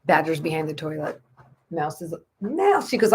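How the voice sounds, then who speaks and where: A woman's voice: sits low, big pitch swings, moderate pace, a little mellow, slightly rough. A woman who practices Reiki, chatting casually on a livestream at home at night and cooing to her dogs in baby talk.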